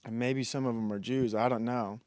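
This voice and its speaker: A streamer delivers a rambling, mocking comedic monologue while reacting to videos, laughing at his own jokes. His voice is mid-range and darkish, with a steady tone and a brisk pace. The recording is clean, with no room sound.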